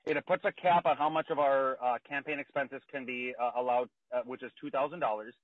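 A breathless man testifies over a thin, phone-like line with no room around the voice. His speech is halting and full of fillers and restarts. His pitch sits at a middling level. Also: fairly even intonation, no echo. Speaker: state legislator presenting a bill. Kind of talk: remote committee testimony. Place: outdoors near a car. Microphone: phone call. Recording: tinny dry phone line.

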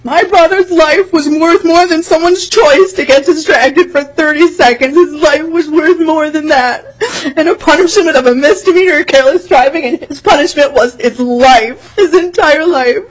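A woman's voice: high voice, normal speed, rough recording. A woman testifying at a legislative hearing, earnest and pleading, her voice tearful and breaking as she repeats her main points. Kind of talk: emotional public testimony.

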